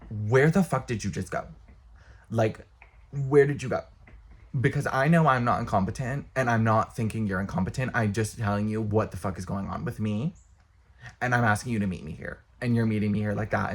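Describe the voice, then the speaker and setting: A young man ranting casually to camera, exasperated, blunt and profane. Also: lowish voice. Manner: exasperated, blunt, profane, talks with quick bursts. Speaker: vlogger.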